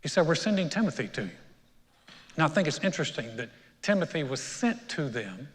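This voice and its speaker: Storytelling pastor in a reverberant church. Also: male voice, a little high, big pitch swings, a little fast. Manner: storytelling preacher, builds to emphatic peaks. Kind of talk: sermon. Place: church sanctuary. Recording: long reverb of a church hall.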